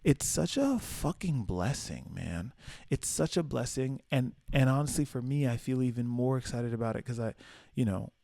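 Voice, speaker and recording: A young man from the American South hosting a casual solo podcast, telling stories with swearing and playful high-pitched asides. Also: moderate pace, gravelly, no echo. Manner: animated storyteller, swears freely, acts out quotes in high voices. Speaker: podcast host.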